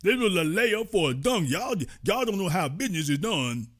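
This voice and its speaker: A man's voice: sits high, sing-song, moderate pace, fairly bright tone, pitched above the performer's own voice, exaggerated voice. A man putting on the voice of a male celebrity who stammers through excuses and pleads with his fans. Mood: defensive pleading.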